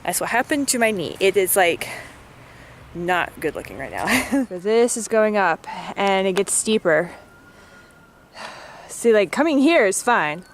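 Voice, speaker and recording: A woman's voice: mid-range voice, big pitch swings, a little slow, long pauses, slight background noise. A woman vlogging in a casual chat, talking in a chatty, filler-heavy way and venting her frustration.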